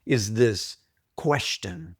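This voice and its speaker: A man guesting on an interview podcast, explaining things deliberately, repeating his points and often clearing his throat. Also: fairly low pitch, lively intonation, no echo, clean studio sound. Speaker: guest, trauma author. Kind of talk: conversational interview, teaching.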